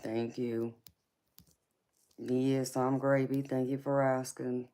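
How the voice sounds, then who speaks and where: A woman's voice: a bass voice, level tone, takes it slowly, dark tone. A woman, tired from little sleep, hosting a tarot livestream and talking affectionately with viewers, calling them honey and girlfriend. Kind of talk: casual livestream chat.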